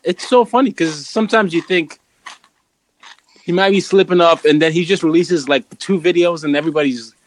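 A man's voice: fairly high pitch, a little fast, poor audio. A man chatting casually in a laid-back way, often restarting his sentences. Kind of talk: casual chat.

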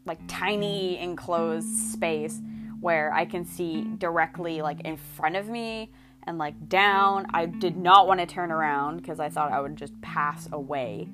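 A young Canadian woman chatting casually in a vlog, gushing and excitable, swearing and saying "like" constantly. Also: lowish voice, a little slow, music in the background. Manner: gushing and excitable, swears, fills every phrase with "like". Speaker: vlogger. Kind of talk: casual chat.

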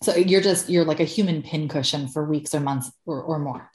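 A woman's voice: deep voice, moderate pace, darkish tone, roomy sound. A woman in her thirties, a podcast guest, telling her own story candidly, swearing freely and laughing often.

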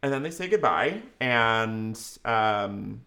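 A man co-hosting a podcast, telling a long made-up story in a rambling, animated way and apologizing for its length. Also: fairly low pitch, slow pace, vocal fry. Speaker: podcast co-host.

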